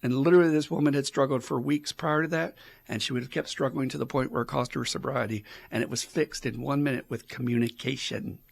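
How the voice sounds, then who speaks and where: A man's voice: mid-range voice, fairly even intonation, fast talker, vocal fry, no room sound. A man talking as an addiction counselor in a casual podcast, with a blunt, profane coaching manner. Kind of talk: casual advice podcast talk.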